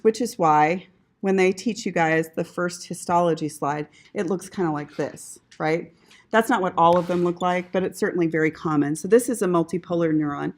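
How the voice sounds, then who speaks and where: A woman teaching an anatomy class in a classroom, casual and chatty, often checking in with the students and swearing mildly. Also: on the low side. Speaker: anatomy instructor. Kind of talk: classroom lecture.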